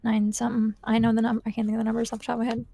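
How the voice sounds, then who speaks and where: A woman playing a tabletop role-playing game, chatting quickly about her character's ideas. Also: fairly high pitch, completely flat delivery, gravelly, mellow, no room sound. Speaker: player. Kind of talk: casual tabletop play.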